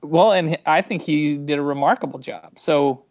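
A man's voice: on the high side, moderate pace, gravelly, darkish tone, no room sound. A man with a Boston accent co-hosting a casual sports podcast, chatty and hesitant. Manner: hesitant, chatty, laughs easily. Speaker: podcast co-host. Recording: dry dull lo-fi audio.

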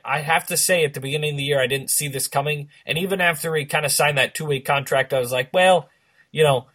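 Husky bright-voiced guy hosting sports talk, stops and restarts a lot. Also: mid-range voice. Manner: steers the show with halting restarts. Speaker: host of a sports show.

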